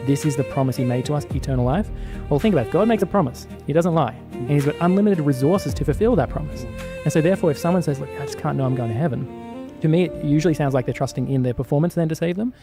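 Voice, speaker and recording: Earnest man, very fast talker, cites verses, soft guitar underneath. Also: on the high side. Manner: rapid, earnest, quotes scripture verses. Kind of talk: podcast conversation.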